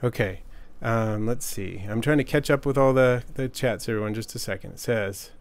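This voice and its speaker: Relaxed man chatting on a livestream. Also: mid-range voice, normal speed. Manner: relaxed, rambling, reads viewer chat aloud. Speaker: livestream co-host. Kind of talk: casual livestream chat. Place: home, desert region.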